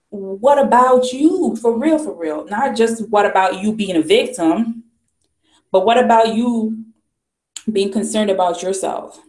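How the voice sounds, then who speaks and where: Woman vlogger, mid-pitched, ranting and emphatic, lots of rhetorical questions, roomy echo. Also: a little mellow. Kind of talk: ranting commentary. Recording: echoey room.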